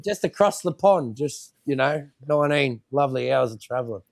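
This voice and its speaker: A man with an Australian accent co-hosting a podcast, bantering loudly with lots of laughter and swearing. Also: medium pitch, lively intonation, normal speed, gravelly. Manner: laughing, profane, teasing. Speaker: co-host.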